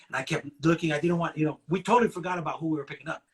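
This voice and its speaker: A man's voice: a little high, very fast, few pauses. Laid-back West Coast man telling stories. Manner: laid-back storytelling, swears freely. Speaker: podcast host. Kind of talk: casual chat.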